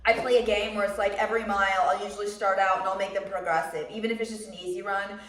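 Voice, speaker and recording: A young American woman vlogging about running, talking bluntly and swearing freely as she tells animated stories. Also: mid-range voice, fast talker. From United States. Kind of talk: casual chat. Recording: roomy sound, mic somewhat distant.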